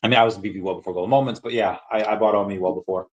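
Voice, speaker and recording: A man's voice: lowish voice, fairly even intonation, very fast, lo-fi sound. A young man hosting a casual livestream, reading chat aloud in a rambling, playful way and often stumbling over repeated words.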